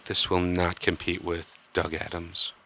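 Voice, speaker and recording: A man's voice: sits low, completely flat delivery, a little slow, bright, forceful tone, a little hiss or hum. A man in casual chat, dry and sarcastic, playing the contrarian.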